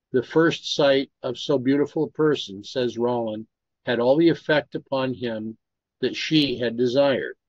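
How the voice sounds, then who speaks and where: A man's voice: medium pitch, no echo. Man reading history aloud, dry lo-fi. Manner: steady reading, stops to comment on pronunciation. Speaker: Bible study reader.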